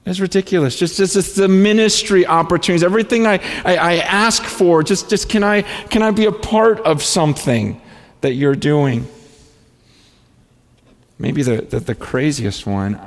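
Male pastor telling stories in a sermon, gravelly voice, long reverb, keeps stammering and restarting. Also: high voice, measured pace. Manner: animated, with many restarts and stammers. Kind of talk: storytelling sermon.

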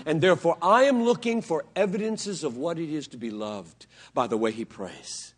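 A man preaching a sermon to students from a pulpit, swinging between loud, pleading emphasis and hushed, near-whispered lines. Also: a little high, lively intonation, moderate pace, few pauses. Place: pulpit in a large hall.

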